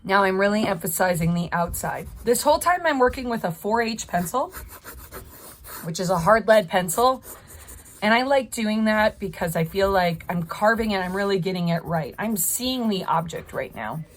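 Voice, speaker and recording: A woman's voice: mid-range voice, animated, normal speed. Chatty woman art teacher thinking aloud. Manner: encouraging, chatty, thinks aloud while drawing. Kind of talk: narrated drawing tutorial.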